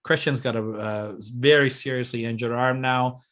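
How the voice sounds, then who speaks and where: A man's voice: medium pitch, moderate pace. Podcast co-host, male, chatty and teasing, explains his booking plans with energy. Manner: excited, teasing, lays out plans step by step. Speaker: podcast co-host booking a fantasy wrestling show. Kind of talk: casual chat.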